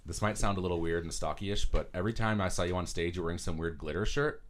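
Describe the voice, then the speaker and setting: Deep-voiced man hosting a podcast. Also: fast talker. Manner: chatty, rambling with fillers. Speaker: podcast host. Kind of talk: casual podcast chat. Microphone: beginner's studio mic.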